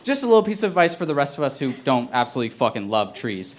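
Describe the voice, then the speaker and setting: A man's voice: medium pitch, big pitch swings, rapid-fire. A man doing stand-up in a loose, profane way, talking directly to the crowd. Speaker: stand-up comic. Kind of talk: stand-up comedy. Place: comedy club stage. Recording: noisy live room.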